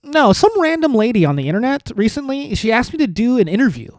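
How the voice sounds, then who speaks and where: A man hosting a solo comedy podcast, rambling through self-mocking dark jokes and sarcastic asides. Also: very high voice, sing-song, quick pace, no room sound. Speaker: podcast host.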